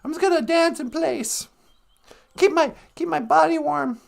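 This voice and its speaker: High-voiced rambling woman host. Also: unhurried, creaky. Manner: chatty and meandering, playful asides. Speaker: live-stream podcast host. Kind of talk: casual rambling chat.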